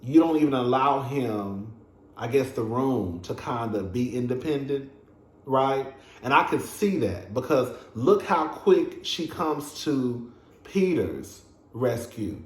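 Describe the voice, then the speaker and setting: A man's voice: medium pitch, animated, takes it slowly, reverberant. A man giving a casual, emphatic and profane recap of a reality TV episode, talking straight to his viewers as a show reviewer.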